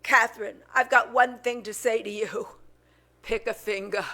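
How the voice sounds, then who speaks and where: A woman's voice: a little high, steady tone, moderate pace, bright, forceful tone. A woman impersonating a brash, gossipy older female talk-show host who fires off teasing insult jokes. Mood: brassy. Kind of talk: stage impression comedy.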